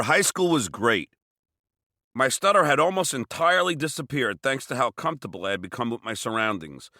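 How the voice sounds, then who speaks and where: Narrating his memoir for an audiobook, a man from Long Island, New York tells it with wry, self-mocking humor and abrupt bursts of shouted dialogue. The mid-range voice comes through as a dry, studio-quality recording.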